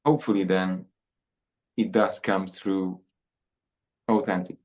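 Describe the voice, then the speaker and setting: A man speaking as a podcast guest, reflective and a little halting as he talks. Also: deep voice, flat delivery, a little mellow, low-quality recording. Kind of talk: conversational interview.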